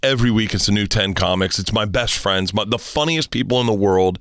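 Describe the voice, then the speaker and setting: A man's voice: on the low side, a little fast, a bit bright, dry recording, clean studio sound. A middle-aged man from Florida, a touring comedian telling a personal story as a guest in casual, profane, rambling chat.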